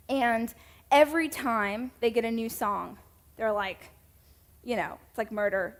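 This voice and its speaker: A woman's voice: fairly high pitch, fairly bright tone. A woman in her thirties with a Southern American accent, giving a chatty, self-mocking sermon talk to a women's church group. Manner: chatty, self-mocking, with laughs and playful asides.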